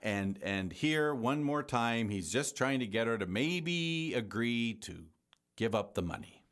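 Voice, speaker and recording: A man's voice: medium pitch, animated, unhurried, a bit bright. A man co-hosting a podcast, chatting casually about films in an enthusiastic, jokey way. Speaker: podcast co-host. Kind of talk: casual film discussion.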